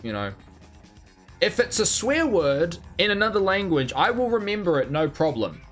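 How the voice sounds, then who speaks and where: A man with a high-pitched voice and big pitch swings streams a game live at normal speed, his tone fairly bright over faint music. Reading chat, he rambles and mocks himself, swearing freely and muttering and humming while he plays.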